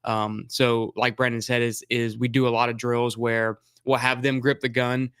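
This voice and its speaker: A man's voice: mid-range voice, little pitch movement, moderate pace, fairly bright tone, clean tone, dry recording. A man who teaches new shooters, chatting casually about his drills with lots of fillers and restarts. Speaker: firearms instructor. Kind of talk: casual explanatory chat.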